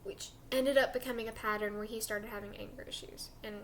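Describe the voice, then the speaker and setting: A woman's voice: fairly high pitch, fairly even intonation, fairly quick, a little hiss or hum. A young woman casually telling a personal story in a chatty, emotional way with lots of fillers.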